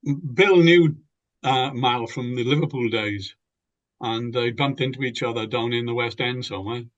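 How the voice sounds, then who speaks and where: A man's voice: medium pitch, normal speed, a bit bright. An older British man, a former band member, reminiscing in an interview and often restarting his sentences with repeated words. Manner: rambling, repeats words when starting sentences. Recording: muffled, lo-fi.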